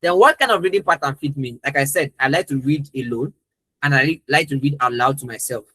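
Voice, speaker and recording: Bright-voiced young man giving an emphatic talk. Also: medium pitch, a little fast, slightly rough, no room sound, poor audio. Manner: earnest, emphatic storytelling. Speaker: trainer. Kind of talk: live training talk.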